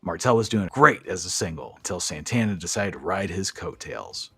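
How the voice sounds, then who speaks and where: A man's voice: low voice, animated, moderate pace, gravelly, fairly bright tone, husky, no echo, faint music behind. A man co-hosting a podcast, recapping wrestling matches in a casual, profane, enthusiastic play-by-play way. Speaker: podcast co-host.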